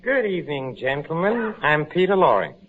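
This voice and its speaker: An actor playing a creepy, soft-spoken sanitarium doctor in 1940s radio comedy, sinister and insinuating. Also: male voice, on the high side, big pitch swings, moderate pace, very noisy. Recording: dull old radio recording.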